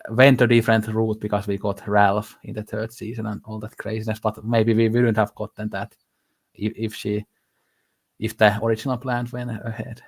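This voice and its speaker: A man's voice: lowish voice, flat delivery, normal speed, vocal fry. A man hosting a podcast, talking casually and enthusiastically, rambling with frequent restarts. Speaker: podcast host. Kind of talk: casual discussion.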